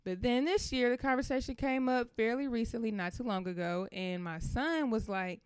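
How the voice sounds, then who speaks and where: A woman in her thirties hosting a talk show, telling stories in a lively, colloquial way. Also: a little high, normal speed, clean tone, no echo. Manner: animated, storytelling, Southern-style colloquial speech. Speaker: podcast host. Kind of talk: casual chat.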